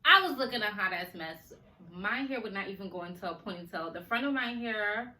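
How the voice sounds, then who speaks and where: A woman hosting a casual podcast, chatty and animated, laughing often and talking to listeners in slang, her speech a little slurred from a sore mouth. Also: mid-range voice, brisk. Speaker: podcast host. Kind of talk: casual chat. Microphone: recorded on video for a podcast. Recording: roomy echo, faint ambience.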